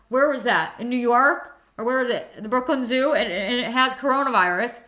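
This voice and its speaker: A woman's voice: a little high, animated, normal speed, bright, forceful tone. A young woman chatting casually to viewers while doing her skincare on a livestream, giggly and reacting to comments. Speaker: beauty livestream host.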